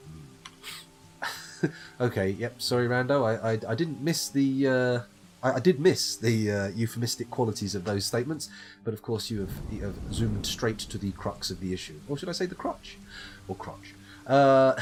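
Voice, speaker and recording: A man's voice: mid-range voice, sing-song, normal speed. A man from the UK giving casual, wry commentary while streaming a game live, reading item text aloud and swearing in jest. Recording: faint background game music.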